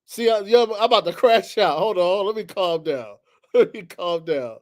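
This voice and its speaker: Fired-up high-voiced man ranting sports. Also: animated, normal speed. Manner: heated, exasperated, swings between loud outbursts and low muttering. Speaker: sports commentary host. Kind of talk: animated solo sports talk.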